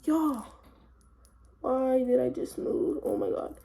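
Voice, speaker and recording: A young woman vlogger telling a story in a casual, rambling, excitable way, full of filler words. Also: high voice, takes it slowly, creaky.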